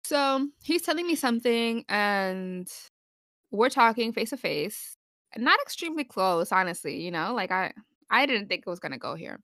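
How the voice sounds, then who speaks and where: A young woman co-hosts a podcast, swapping stories in relaxed conversation and laughing a lot. Her mid-range voice has a sing-song lilt, a slightly bright tone and a normal pace. The studio-quality recording is dry, with no room sound.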